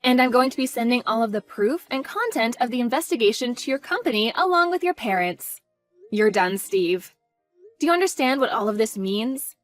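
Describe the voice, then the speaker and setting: A woman's voice: a little high, lively intonation, moderate pace, no echo, faint music behind, close to an everyday voice. A woman voicing a scornful wife who confronts her cheating husband in a cold, mocking, cutting way. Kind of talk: voiced story drama.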